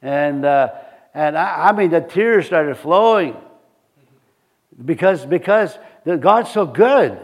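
A middle-aged man preaching a sermon in a halting, folksy way, full of fillers and restarts, with chuckling asides. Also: on the high side, lively intonation. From reservation community. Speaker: pastor.

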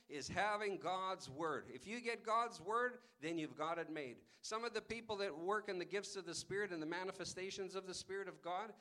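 A high, bright male voice preaching with energy. He presses each point and keeps calling out for an "Amen?" in a lively, forceful sermon. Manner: emphatic, calls out "Amen?" to the congregation. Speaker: pastor.

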